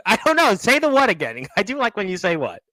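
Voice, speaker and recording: A man's voice: high-pitched, huge pitch swings, a little fast, bright, forceful tone, no room sound. A man hosting a wrestling radio show, chatty and rambling, laughing along with his guest. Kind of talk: casual sports radio chat.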